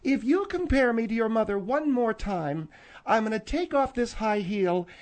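A man's voice: sits high, expressive, pitched above the performer's own voice. A man voicing a touchy older woman who bickers with the host in a radio comedy sketch. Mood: threatening. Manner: bickering, quick to take offense.

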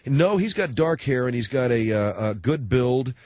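A man hosting a talk radio show, chatting with callers in a rambling, halting way full of fillers and restarts, joking and slipping into mocking voices. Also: medium pitch, expressive, a little mellow, dry recording, studio quality. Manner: jokey, breaks into mocking voices.

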